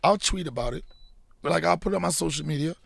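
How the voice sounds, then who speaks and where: Middle-aged comedian guy, gravelly voice, dry close sound, swears a lot, does the voices in his stories. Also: on the high side, quick pace, no echo. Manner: animated, profane, acts out quotes. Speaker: podcast guest, comedian. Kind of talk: casual storytelling chat.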